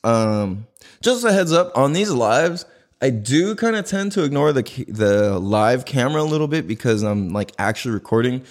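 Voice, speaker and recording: A man hosting his own podcast at home, talking casually to the mic in a slangy, profane, animated way. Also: mid-range voice, normal speed. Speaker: podcast host. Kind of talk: casual solo podcast monologue. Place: indoors in a house. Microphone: podcast mic with cameras recording.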